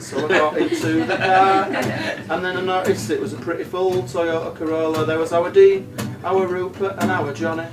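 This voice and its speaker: A comedian with a high, light voice, telling crude tales and laughing at his own jokes. He sounds set back from the mic, with music playing behind him. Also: level tone, moderate pace, far from the mic. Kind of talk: stand-up comedy storytelling with song.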